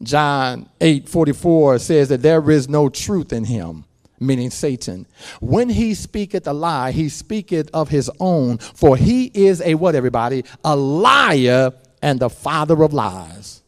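Preaching man, quiet to shouting. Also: a little high, big pitch swings, a little slow. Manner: preaching with big swings from quiet storytelling to shouting. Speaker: pastor. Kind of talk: sermon.

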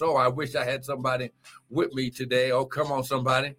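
A man's voice: mid-range voice, flat delivery, fast talker, fairly bright tone. A man preaching a live morning sermon as pastor, exuberant and repetitive, calling out praise and urging listeners on. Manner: repeats phrases and urges listeners to get it.

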